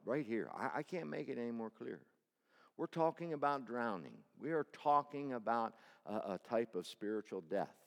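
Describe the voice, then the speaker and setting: A man preaching a sermon to a congregation, swinging between loud cries and hushed low tones. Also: in a large hall.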